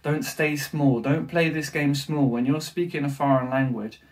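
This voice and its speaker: A man giving emphatic, deliberate advice as a language coach, urging learners to act out a character. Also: a little high, steady tone, distant mic.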